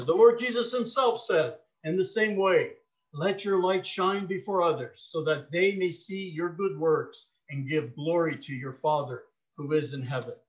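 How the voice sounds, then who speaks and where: A middle-aged man preaches with a notably high voice. He tells personal stories in a heartfelt way, dropping soft and then rising to emphasis. The recording sounds dull and lo-fi. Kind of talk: sermon.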